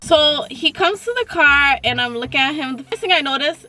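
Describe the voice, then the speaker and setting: A young woman casually telling a story to her viewers, animated and full of slang and swearing. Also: high voice, normal speed, heavy background noise. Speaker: vlogger.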